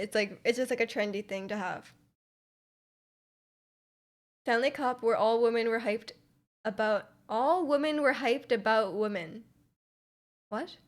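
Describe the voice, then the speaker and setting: A woman's voice: a little high, fairly bright tone. A young woman from Canada, a streamer chatting casually with her live chat, rambling with lots of restarts and fillers and laughing often.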